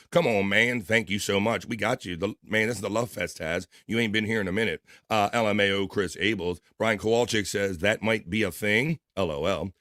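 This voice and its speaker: A man hosting a live stream, casually reading viewer comments aloud and giving shout-outs while talking through his allergies. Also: fairly low pitch, dry recording, studio quality. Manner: casual, rambling, reads chat names aloud with shout-outs. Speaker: livestream show host.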